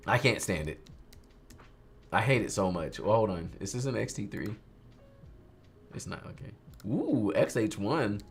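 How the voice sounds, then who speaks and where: Animated young man ranting casually. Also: fairly low pitch, measured pace, long pauses, soft background music. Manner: animated, ranting, mimics others. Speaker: photographer teaching photo editing. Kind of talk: casual livestream chat while editing.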